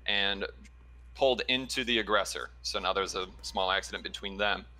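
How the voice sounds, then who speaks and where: Man, ER nurse on a call, rambling story with ums, deep-ish, bright timbre. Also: moderate pace. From Chicago area. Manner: relaxed storytelling with fillers and laughs. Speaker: ER trauma nurse, caller. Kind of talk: casual chat.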